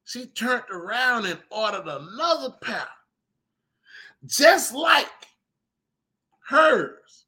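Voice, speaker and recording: A man hosting a podcast, telling a story in a casual, animated way and speaking straight to his listeners. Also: very high-pitched, drawn-out words, pauses often. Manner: animated, chatty, talks to listeners directly. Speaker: podcast host and leather craftsman.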